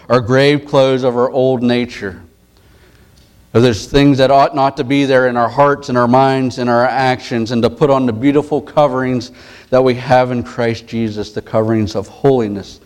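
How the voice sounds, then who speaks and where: A man preaching a sermon, retelling a story in a relaxed, conversational way with frequent restarts. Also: mid-range voice. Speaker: pastor.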